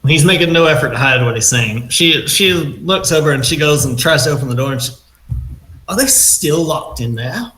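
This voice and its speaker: A man's voice: medium pitch, pushed and bright. Man narrating a game in an echoey room. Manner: rambling, halting narration with restarts. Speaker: game master. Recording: echoey room, faint noise.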